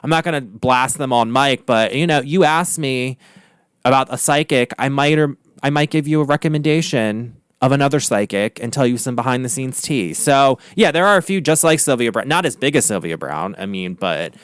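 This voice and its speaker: A man chatting casually and profanely on his vlog, gossipy and full of animated asides. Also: mid-range voice, normal speed, clear, resonant tone, no room sound, studio quality. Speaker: vlogger, artist. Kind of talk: casual chat. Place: home art studio.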